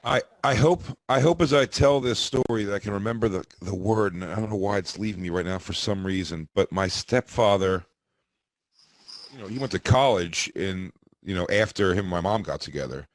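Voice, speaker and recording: A man's voice: lowish voice, a little fast. A man in his thirties talking loosely in casual chat. His stories wander and restart, peppered with curses. The sound is dry, with no room echo. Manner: rambling, profane storytelling with restarts. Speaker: podcast co-host.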